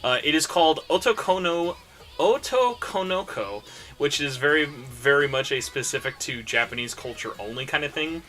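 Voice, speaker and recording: Man, podcast host, casual chat, bright tone, rambling, animated. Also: a little high, normal speed, soft background music.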